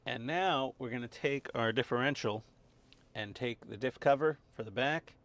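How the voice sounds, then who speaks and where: A man's voice: mid-range voice, moderate pace, a bit bright. A man casually narrating step by step as he builds a model at his home workbench, with wry asides and muttered instructions. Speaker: hobby model-building channel host. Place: home workbench with a dog nearby.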